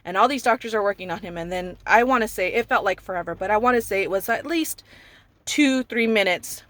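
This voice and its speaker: A woman's voice: mid-range voice, lively intonation, a little fast, fairly bright tone, no echo. A woman in her thirties, a mother from California, giving an emotional personal testimony and retelling dialogue as she goes. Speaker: mother telling her son's story.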